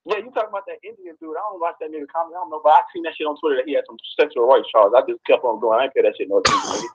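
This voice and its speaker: A man's voice: on the high side, rapid-fire, breathy edge, narrow, tinny audio. A man calling in to a show, talking brash and boastful in casual slang. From US West Coast. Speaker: caller. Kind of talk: casual call-in banter.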